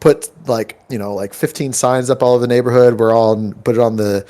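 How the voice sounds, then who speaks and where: A man's voice: medium pitch, fairly even intonation, brisk, dark tone. A man chatting casually before a tabletop game, rambling through stories with lots of likes and ums. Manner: rambling storyteller, many likes and ums, acts out quoted voices.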